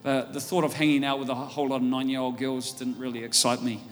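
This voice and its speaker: An Australian man preaching a sermon, telling stories and building up to loud, fervent preaching. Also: mid-range voice, level tone, fast talker. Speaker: pastor. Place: church auditorium. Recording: church hall reverb with faint music.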